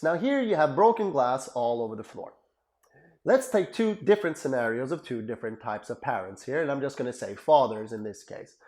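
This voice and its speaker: Animated male psychotherapist explaining. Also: mid-range voice. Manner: animated, emphatic, repeats for emphasis. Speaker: psychotherapist and lecturer. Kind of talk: explanatory educational talk.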